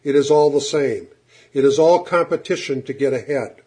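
A man preaches in a medium-pitched, dark-toned voice, earnest and emphatic throughout, slowing down whenever he wants to stress key words.

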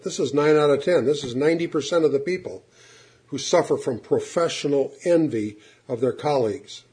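A man with a rather high, slightly mellow voice preaches a sermon earnestly and emphatically. He slows down to stress the key words.

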